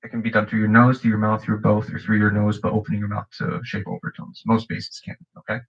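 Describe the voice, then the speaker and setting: Low-voiced young man rambling through a beatbox lesson. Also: completely flat delivery, fast talker, highs cut off. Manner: rambling, frequent "you know" and "like"; clears his throat often. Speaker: beatbox teacher. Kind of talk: casual livestream explanation.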